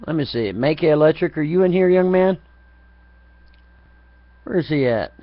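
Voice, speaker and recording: A man's voice: fairly high pitch, animated, moderate pace, no echo. Profane, taunting man on a dull mic. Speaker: chat room moderator. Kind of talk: rambling live chat broadcast. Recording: dull lo-fi, dry.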